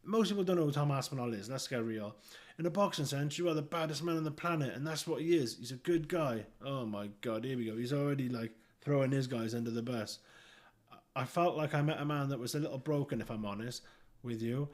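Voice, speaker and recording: A man's voice: mid-range voice, a little fast. A man reading out news and giving blunt, profane, scornful commentary.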